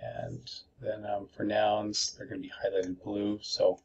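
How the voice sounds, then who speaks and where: A man's voice: on the low side, level tone, measured pace, gravelly, breathy edge, highs cut off. A male teacher giving a screencast tutorial, explaining methodically step by step.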